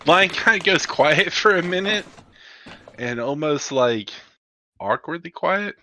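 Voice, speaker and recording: A man's voice: a little high, expressive, slow, bright, forceful tone, a little hiss or hum. A man narrating as game master of a sci-fi tabletop game, describing scenes with many fillers.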